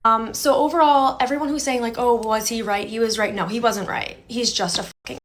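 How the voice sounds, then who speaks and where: A woman's voice: fairly high pitch, steady tone, brisk. Indignant young woman telling a story. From New Jersey. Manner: indignant, quotes both sides with "I was like". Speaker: storyteller recounting a date. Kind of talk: casual storytelling video.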